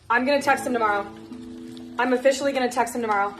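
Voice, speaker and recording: Gushing, excitable young woman streamer. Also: fairly high pitch, rapid-fire, long pauses, over music. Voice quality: excitable, swears a lot, gushing. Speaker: livestreamer. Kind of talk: casual livestream chat. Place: at home, moving plants indoors. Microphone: phone.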